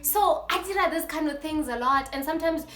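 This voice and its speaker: A young South African woman with a South African accent telling a story in a casual vlog, lively and acting out the people in it. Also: high voice, a little fast, echoey room. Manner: animated, switches between English and Setswana, acts out the people in her story. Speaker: YouTuber.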